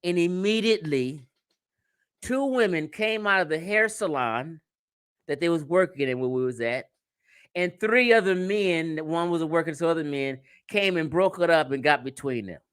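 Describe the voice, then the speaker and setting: With a clear, resonant, fairly bright voice on the high side, an American livestream host chats casually with his viewers, cursing freely, sharing stories, and laughing a lot. The studio sound is clean, with no room sound.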